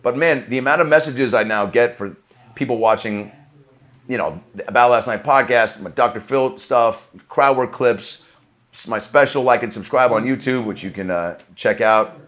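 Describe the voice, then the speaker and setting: A man's voice: medium pitch, normal speed, fairly bright tone. A man hosting his own podcast, talking through a recap in an earnest, reflective way, with plenty of restarts and casual swearing. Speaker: podcast host.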